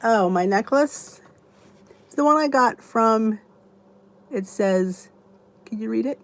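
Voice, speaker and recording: A chatty woman in her fifties hosts a casual live stream and answers viewers by name. Her voice sits a little high, and she rambles along with plenty of restarts. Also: slow pace, pauses often. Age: 50s. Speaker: YouTube channel host.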